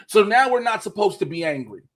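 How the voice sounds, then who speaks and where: High, husky male comedian co-host; furious, profane, emphatic delivery. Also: sing-song, a little fast, a bit bright. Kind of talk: heated casual chat. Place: home apartment, at his camera.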